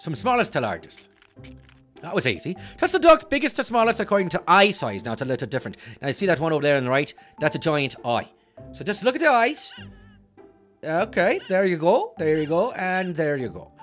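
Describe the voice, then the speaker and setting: A man's voice: high voice, fairly bright tone. A man voicing a clumsy, short-tempered male leprechaun, commenting on a game and boasting while getting annoyed. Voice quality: boastful, bouncy, quick to get annoyed. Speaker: let's-play host. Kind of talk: cartoon character game commentary.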